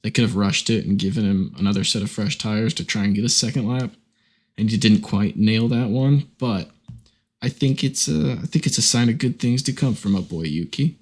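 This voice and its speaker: A man's voice: lowish voice, normal speed. A young man co-hosting a podcast, giving a chatty, enthusiastic sports recap. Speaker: podcast co-host.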